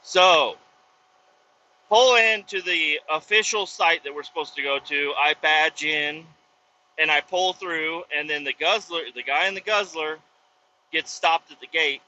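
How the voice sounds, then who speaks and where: A man casually telling a rambling work story from inside his truck, profane and animated, acting out the people he quotes. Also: a little high, measured pace, highs cut off, a little hiss or hum. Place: inside a pickup truck with windows down.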